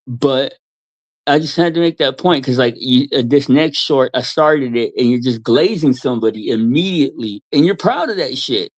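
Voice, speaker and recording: A man's voice: mid-range voice, lively intonation, normal speed, no room sound. A man ranting at someone in a heated chat, swearing heavily and mocking him. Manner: profane, ranting, mocking with put-on voices. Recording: dry, dull lo-fi sound.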